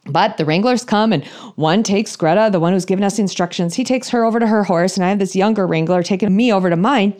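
Woman, 30s to 40s, comic storyteller, animated, self-deprecating, mid-pitched. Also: fast. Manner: animated, self-deprecating, acts out her thoughts. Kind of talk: humorous personal storytelling.

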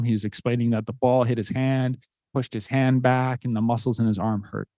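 Earnest dad telling a story, dry mic. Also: male voice, mid-range voice, little pitch movement, normal speed, warm tone, no room sound. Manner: earnest, conversational, with fillers. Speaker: podcast host. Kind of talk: casual storytelling.

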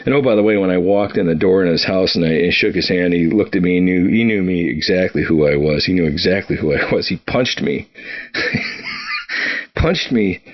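A man's voice: deep voice, huge pitch swings, moderate pace, dull audio. A middle-aged man casually telling stories from his military career, rambling with many fillers and restarts and chuckling now and then. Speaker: podcast guest recounting military career. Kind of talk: casual storytelling.

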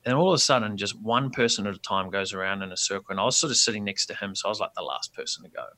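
A man telling a rambling, animated story as a podcast guest, with many restarts. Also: lowish voice, racing.

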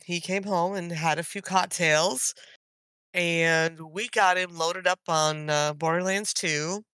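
A woman in her thirties co-hosts a gaming podcast, her voice hoarse from illness yet bright and forward. She talks in an animated, laughing, tangent-hopping way. The sound is dry and close. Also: fairly low pitch, takes it slowly, no room sound. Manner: animated, laughs often, jumps between topics. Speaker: podcast co-host. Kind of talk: casual chat.

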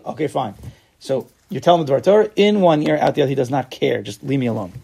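A man leads a casual Torah class at a quick clip. His voice is gravelly and husky, and he acts out short exchanges and fires off rhetorical questions. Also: mid-range voice. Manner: animated, acts out little dialogues and asks rhetorical questions.

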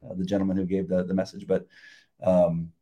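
An older man, a retired police officer, talking about faith in a halting, reflective way with many restarts. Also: deep voice, little pitch movement, mellow. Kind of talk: casual faith conversation.

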